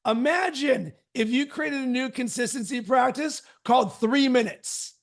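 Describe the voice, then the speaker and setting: A man hosting a live online coaching workshop, energetic and emphatic, with punchy catchphrases, heard over a video call. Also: extremely high pitch, fairly quick, gravelly, hardly any pauses.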